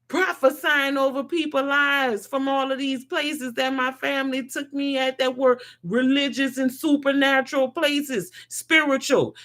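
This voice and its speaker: A woman giving an impassioned spiritual monologue to a live audience, swinging from loud to soft. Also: high voice. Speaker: host.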